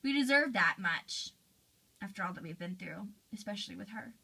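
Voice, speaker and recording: A woman voicing a hesitant teenage girl who speaks softly with many pauses and "um"s. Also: medium pitch, lively intonation, gravelly, slightly rough, full character voice, poor audio. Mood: uncertain. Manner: hesitant, soft, with fillers. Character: hesitant, relieved teen girl Aria.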